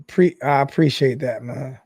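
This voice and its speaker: A young man in an emotional, apologetic vlog monologue who talks haltingly, with many restarts and repeated phrases. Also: mid-range voice, vocal fry, a little mellow, slightly rough, dry recording. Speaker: sports fan YouTuber.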